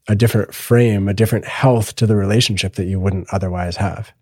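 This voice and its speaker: A man's voice: lowish voice, steady tone, brisk, darkish tone, slightly rough, no room sound, studio quality. A man hosting a podcast interview, reflective and affirming, often murmuring agreement. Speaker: podcast host. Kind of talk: conversational interview.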